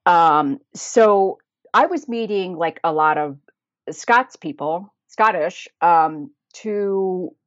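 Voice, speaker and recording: Chatty American woman, lowish voice. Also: takes it slowly, no echo, dull audio. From United States. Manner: chatty, laughs often, many fillers and restarts. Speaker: guest, travel blogger. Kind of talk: casual conversational storytelling.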